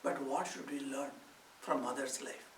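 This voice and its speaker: A man's voice: mid-range voice, fairly even intonation, a little slow, slight background noise. A man, a monk, giving an emphatic spiritual talk of readings and reflections, full of rhetorical questions. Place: society hall. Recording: echoey room, mic at a distance.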